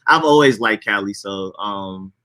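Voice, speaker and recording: A young man co-hosts a podcast in relaxed, slangy chat. His voice is bright and forward, and he laughs often as he talks. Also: on the low side, unhurried. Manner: laughs often, animated, loose slangy talk. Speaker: podcast co-host. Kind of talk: casual chat.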